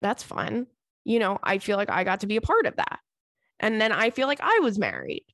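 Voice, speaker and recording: A woman hosting a casual podcast, reading listener letters aloud and reacting with chatty asides. Her voice sits at an ordinary middle pitch and often tips into giggles. The recording is close and dry, with no room sound. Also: very animated, a little fast, a bit bright, no echo. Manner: giggly, breaks into laughter often. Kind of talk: casual chat.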